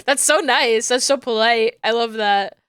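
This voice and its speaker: A woman's voice: a little high, unhurried, fairly bright tone, clear, resonant tone, no echo, studio quality. A woman streamer chatting casually with viewers, rambling along with lots of fillers and restarts.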